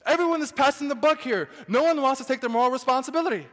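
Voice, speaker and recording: In a church sanctuary, a man with a very high, slightly bright voice preaches quickly and emphatically to his congregation, frequently asking them questions. The hall adds a long reverb to the recording.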